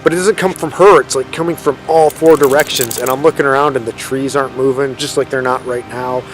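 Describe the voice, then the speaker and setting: A man in his thirties, a paranormal storyteller vlogger, tells a ghost story outdoors in a forest. His medium-pitched voice is brisk with fairly even intonation, over a little hiss or hum, and he rambles casually, often correcting himself and using lots of fillers.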